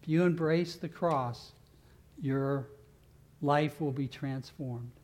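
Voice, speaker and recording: Fervent man preaching, fairly high voice. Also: takes it slowly. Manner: builds to loud fervent call-and-response, then earnest prayer. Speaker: pastor. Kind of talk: sermon with congregational response and prayer.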